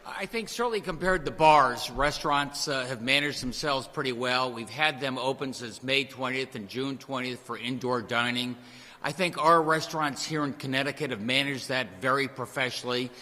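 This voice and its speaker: A man, the governor, answering reporters' questions at a press briefing in a measured way with many fillers. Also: medium pitch, pushed and bright, big-room sound. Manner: measured, filler-heavy replies.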